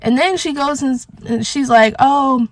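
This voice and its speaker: Smoking as she talks, a young woman vlogger tells an emotional storytime in a high-pitched voice at a moderate pace. It rambles, and "like" turns up constantly.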